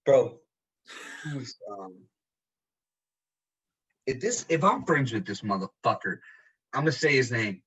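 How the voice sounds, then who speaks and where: A man's voice: medium pitch, very animated, a little slow, pauses often, a bit bright, slightly rough, rough recording. A young man hosting a casual podcast from home, telling loose, profane stories. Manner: laid-back, profane storytelling. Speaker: podcast host. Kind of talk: casual chat.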